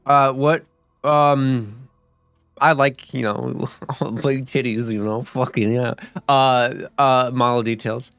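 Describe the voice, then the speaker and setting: A man's voice: medium pitch, steady tone, slow pace, a bit bright, clean tone, no echo, soft background music. Rambling, profane young man gaming. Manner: rambling and profane, with many fillers and restarts. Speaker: gaming streamer. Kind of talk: casual gaming commentary.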